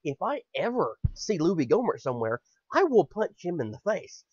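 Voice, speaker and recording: A man's voice: sits high, big pitch swings, moderate pace, a little mellow, breathy edge, no room sound. A man hosting a podcast, delivering an angry, profane political rant in furious bursts. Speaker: podcast host. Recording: dull lo-fi podcast audio.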